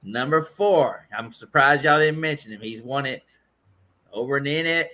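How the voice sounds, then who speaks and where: A man on a casual sports podcast, running through a ranked list in a relaxed way. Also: medium pitch, normal speed.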